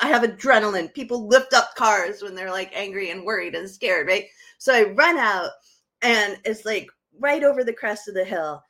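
A woman's voice: medium pitch, animated, normal speed, sharp tone. A middle-aged woman co-hosting a live podcast, telling a story dramatically and animatedly. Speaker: podcast co-host.

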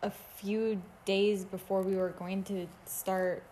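A woman's voice: medium pitch, level tone, takes it slowly, warm tone, slight background noise. A woman co-hosting a podcast in casual chat, playful and self-mocking, laughing often. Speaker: podcast co-host.

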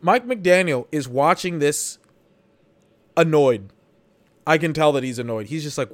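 A man's voice: on the high side, lively intonation, a little slow, pauses often. A man giving rambling, exasperated commentary while he watches a football game for his podcast, swearing now and then. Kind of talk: live watch-along commentary.

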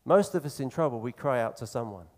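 A man preaching a sermon in an earnest, conversational way, slowing down to stress key phrases. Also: medium pitch, expressive, darkish tone.

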